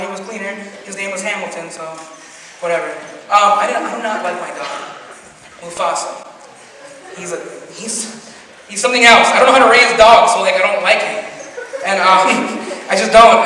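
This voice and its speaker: A man's voice: high-pitched, pushed and bright. A teenage boy doing a stand-up comedy set, telling rambling stories with frequent giggles and ums. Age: teens. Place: school auditorium. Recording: echoey hall from far off, faint noise.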